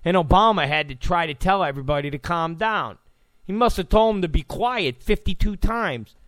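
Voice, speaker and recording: A male talk radio host who rambles and mocks, with a gravelly, fairly high voice that swoops all over. It sounds dry and close on the mic. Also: expressive, moderate pace, fairly bright tone, no room sound. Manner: rambling, mocking, chuckling asides.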